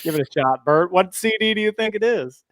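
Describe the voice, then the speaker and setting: A man's voice: sits high, expressive, brisk, a bit bright, dry recording. A man hosting a casual podcast, laughing easily and joking about his character voices. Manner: laughing, easygoing, does voices. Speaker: podcast host. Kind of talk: casual chat.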